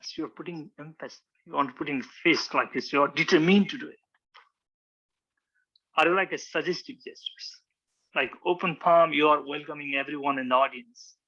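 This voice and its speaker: Brief: male speaking coach, fairly high bright voice, dull lo-fi recording. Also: normal speed, slightly rough. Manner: demonstrative, acts out examples, frequent restarts. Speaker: public speaking club instructor. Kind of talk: informal teaching talk with slides.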